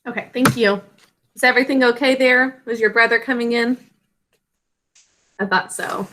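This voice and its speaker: A woman's voice: fairly high pitch, fairly even intonation, moderate pace, fairly bright tone, slight background noise. A woman teacher giving a spelling lesson to children over a video call, patiently sounding out words and syllables.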